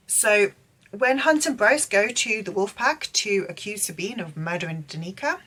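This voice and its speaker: A woman's voice: mid-range voice, expressive, moderate pace, fairly bright tone, breathy edge. A young woman giving a casual, gushing book recap, full of filler words. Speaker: book vlogger.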